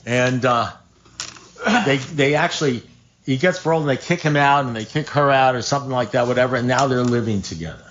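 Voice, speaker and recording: A man's voice: medium pitch, a little fast, fairly bright tone. Man telling a wry recovery-meeting story. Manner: conversational, restarts and repeats, wry asides; acts out quoted dialogue. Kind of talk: storytelling talk to a live group. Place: meeting room at a recovery group. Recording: dull lo-fi room recording, faint noise.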